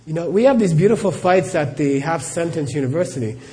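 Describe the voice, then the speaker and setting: A man's voice: fairly high pitch, lively intonation, fairly quick, darkish tone. A middle-aged man, a Buddhist teacher, answering questions in a live talk as a chatty storyteller who laughs often and says "you know" a lot.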